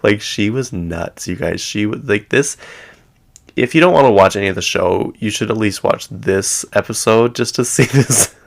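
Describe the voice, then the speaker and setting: Low, gravelly man dishing gossip. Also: moderate pace. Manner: chatty, rambling, heavy use of "like". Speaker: gossip show host. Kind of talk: casual reality-TV gossip recap. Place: at home.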